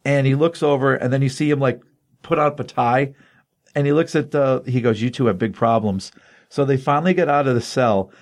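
A man hosting a casual comic book chat, excitedly retelling a story in a loose, rambling way. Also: medium pitch, brisk. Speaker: comic book podcast host.

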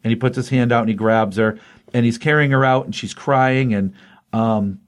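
A man's voice: medium pitch, moderate pace. A man co-hosting a comic book podcast, retelling a story in casual chat and acting out the quotes. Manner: animated retelling with acted quotes.

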